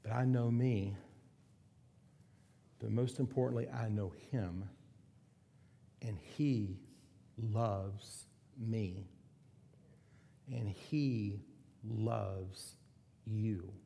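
A middle-aged man preaching a sermon, earnest, slowing down and going soft to drive points home. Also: lowish voice, gravelly, slight background noise. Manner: earnest, slows and softens for emphasis. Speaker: pastor.

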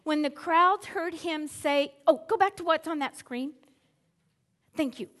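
A middle-aged woman preaching a sermon, telling the story in a lively way and acting out chants and voices. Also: high voice, a little slow. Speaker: pastor.

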